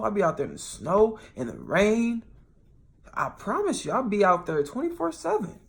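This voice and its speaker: A man talks to his viewers in a loose, rambling monologue. He swears freely, restarts his sentences again and again, and swings between quiet asides and sudden loud bursts. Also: high-pitched, very animated, brisk, creaky. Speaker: vlogger.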